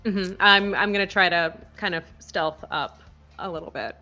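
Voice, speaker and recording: Woman, tabletop player, bright tone, casual hesitant chat, dull audio. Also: fairly low pitch, normal speed, soft background music.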